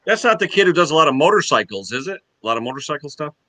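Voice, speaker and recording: A man's voice: a little high, sing-song, rapid-fire, sharp tone, no echo. A man chatting casually, talkative, telling stories and asking many questions. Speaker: guest in chat. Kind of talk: casual chat.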